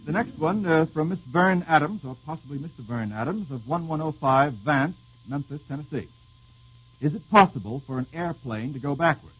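This quizmaster's voice is a little high, animated, and a bit bright with a breathy edge, captured on a dull lo-fi old radio broadcast. He banters wryly and jokes quickly with the panel while reading questions from listeners.

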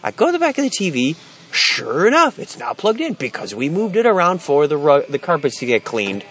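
A man's voice: a little high, wildly swooping pitch, fairly quick, a bit bright, slight background noise. A middle-aged man telling a story about a mix-up at home, exasperated, wry and self-deprecating, stressed and tired, recording on his phone while walking through an indoor storage warehouse. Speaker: vlogger. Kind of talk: casual storytelling vlog. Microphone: phone held while walking.

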